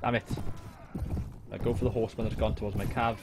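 A young man from Wales commentating his own game on a livestream, with a fairly low voice. He chats, swears and jokes with viewers, picked up on a desk mic with a faint hiss underneath. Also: flat delivery, quick pace. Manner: chatty, swears, talks to chat and jokes. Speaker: streamer. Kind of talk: casual gaming livestream commentary. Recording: faint background noise.

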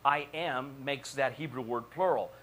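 A man's voice: medium pitch, a little slow, fairly bright tone. A male pastor preaching a sermon in a church, building to repeated calls and questioning the congregation. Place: church sanctuary.

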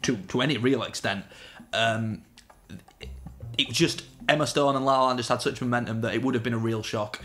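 A man's voice: mid-range voice, fairly even intonation, pushed and bright. A man co-hosting a film review show, chatting in a casual, opinionated way and joking often. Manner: chatty, opinionated, quick to joke.

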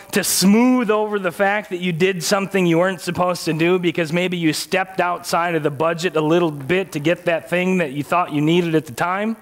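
A man preaching a sermon in a church, conversational and joking, putting rhetorical questions to the congregation. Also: high-pitched. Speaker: pastor.

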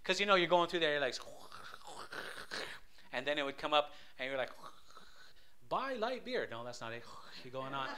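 A man preaching a conversational sermon, telling stories with frequent restarts and rising loud for emphasis. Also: mid-range voice, a little fast, pauses often. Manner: many restarts and stammers. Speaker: lay preacher.

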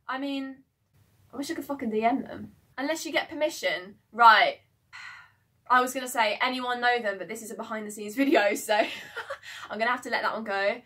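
A young woman chats at home in a fairly high voice, excitable and rambling from one aside to the next. She swears freely and jumps between thoughts. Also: moderate pace. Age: young adult. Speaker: singer-songwriter. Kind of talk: casual vlog chat.

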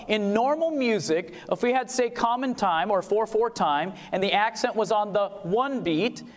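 A man gives an animated seminar talk on music, firing questions at his listeners and breaking into short sung examples. His voice sits high, and a long reverb trails it through the hall. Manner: animated, asks the audience questions, sings short demos.

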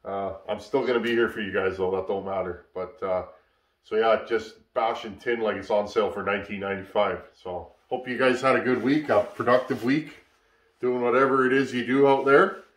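Talking a little fast in a fairly low voice, a man from Canada hosts a chainsaw repair channel from his echoey workshop. Tired after a long week of work, he chats casually and rambles, dropping plenty of "uh" fillers.

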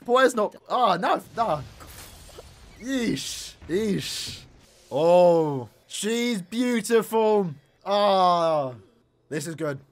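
High-voiced excitable young man reacting. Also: extremely slow, pauses often. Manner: excitable, slangy exclamations and shouts. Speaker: anime reaction channel host. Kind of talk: casual anime reaction commentary.

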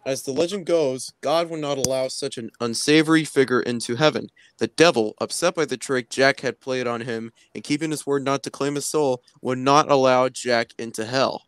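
A man chats casually on a live stream and stumbles through passages as he reads them aloud. His voice is middle-pitched. The recording is dry, with no room sound around it. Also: clean tone, dry recording. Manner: reads text aloud haltingly, with restarts. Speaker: stream co-host. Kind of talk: casual chat and reading aloud.

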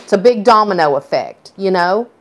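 A woman co-hosting a casual chat, talking eagerly and halting as she searches for words. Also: medium pitch, lively intonation.

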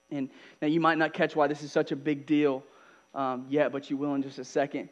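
A man pastor delivering a sermon, moving between loud emphatic passages and soft, hushed asides. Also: on the high side, level tone, moderate pace, dull audio. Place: church.

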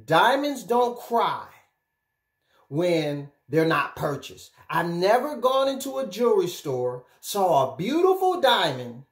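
A man speaking as a relationship and life coach, giving direct-to-camera advice in an animated, emphatic way, often checking in with his listeners. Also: high voice, slow. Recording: echoey room.

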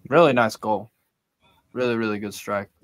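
A man's voice: lowish voice, moderate pace. A man from New England co-hosting a football watchalong, casual and laid-back, swearing freely. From New England, USA. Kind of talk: casual live commentary chat.

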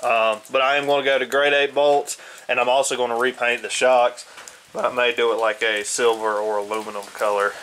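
A man's voice: medium pitch, flat delivery, brisk, a bit bright, a little hiss or hum, poor audio. A man vlogging his DIY truck work in a loose, rambling way, full of ums and uhs, talking from inside his house. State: groggy, just woken up. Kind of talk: casual workshop vlog.

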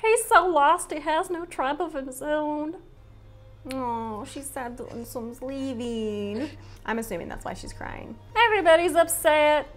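A woman's voice: high voice, lively intonation, measured pace. A woman hosting a drama reaction video, chatting casually and laughing often as she talks back to the screen. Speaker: drama reaction channel host.

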